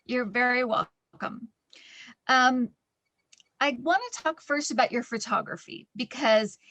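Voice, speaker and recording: A woman interviewer asking a guest about her work, enthusiastic and a little halting. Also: sits high, fairly bright tone, no room sound. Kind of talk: interview questions.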